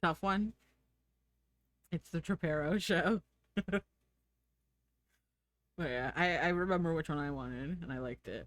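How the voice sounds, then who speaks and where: American woman streamer, chatty and giggly, animated voice, dry close sound. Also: sits low, a little slow, pauses often, dry recording. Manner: chatty, giggly, thinks aloud. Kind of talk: casual live-stream chat.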